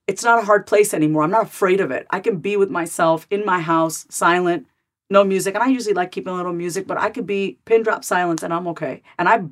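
A woman in her thirties, a therapist and author, talking candidly as an interview guest in a fast, animated way, full of "like" fillers and repeated starts. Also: lowish voice.

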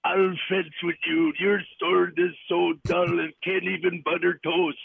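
Guy putting on a raspy mocking fencer, flat sing-song, dry close sound. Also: a little slow, no echo, phone-quality sound, full character voice. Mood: taunting. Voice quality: raspy, high, put-on accent. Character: taunting male fencer trash-talking an opponent. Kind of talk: comic radio bit.

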